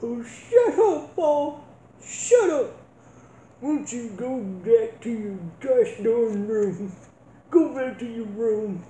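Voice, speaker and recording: A man's voice: extremely high pitch, animated, unhurried, dark tone, a little hiss or hum, voice pushed up. A man voicing a nagging, worried middle-aged mother in a comedy sketch, scolding and pleading. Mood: shrill. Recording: roomy echo.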